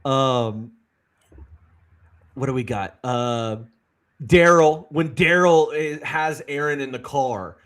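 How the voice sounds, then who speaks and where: A man's voice: mid-range voice, slow, pauses often, fairly bright tone. A man co-hosting a casual movie chat podcast, eagerly quoting favorite lines and laughing along. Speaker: podcast co-host.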